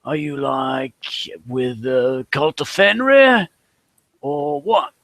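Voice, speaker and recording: A man's voice: mid-range voice, big pitch swings, slow, fairly bright tone, no echo, voice pushed down, heavily acted. A man voicing a young, easygoing male cult acolyte who hesitates, repeats his words and says "like" a lot. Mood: bemused.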